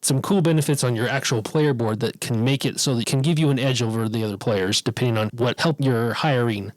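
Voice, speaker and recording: A man's voice: medium pitch, fairly quick, dry recording, low-quality recording. Chatty podcast guy talking board games, laughs a lot, dry close sound. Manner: chatty, laughs often, restarts sentences. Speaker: podcast co-host. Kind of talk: casual chat about board games.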